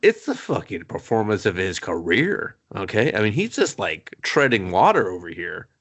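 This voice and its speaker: A man's voice: on the low side, moderate pace. A man co-hosting a movie review podcast, talking casually with lots of swearing and joking asides. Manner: animated, profane, jokey, puts on silly voices for characters. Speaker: podcast co-host.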